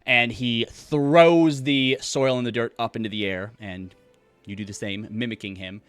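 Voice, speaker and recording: A man's voice: medium pitch, steady tone, moderate pace, fairly bright tone, clean tone, no room sound, faint music behind. A man narrating a tabletop game as game master, in a casual style with many fillers.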